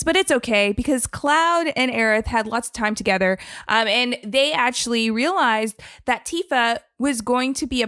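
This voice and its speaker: A young woman hosting a gaming podcast, chatty and playful and quick to laugh. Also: on the high side, a bit bright, dry recording, studio quality. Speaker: podcast host. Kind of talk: casual gaming podcast chat.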